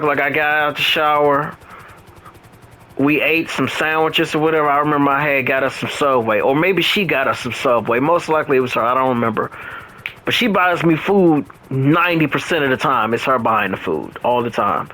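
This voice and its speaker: A man's voice: medium pitch, moderate pace, poor audio. A young man chatting casually while playing a video game, telling a story and acting out both sides of an argument. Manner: storytelling, animated quoting of others. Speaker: gamer.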